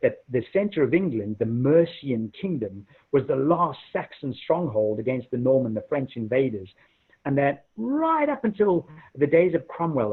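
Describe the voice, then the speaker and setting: A middle-aged man from Africa, a guest telling stories in an animated, chatty way over a video call. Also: medium pitch, husky. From South Africa. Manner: animated, repeats words when starting. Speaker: guest, minister. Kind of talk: casual storytelling chat. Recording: muffled phone-like call audio.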